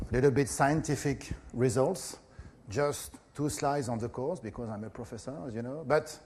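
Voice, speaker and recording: A middle-aged man with a French accent, a professor giving a conference lecture in a hesitant way with many pauses and filler sounds. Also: mid-range voice, darkish tone, slight background noise.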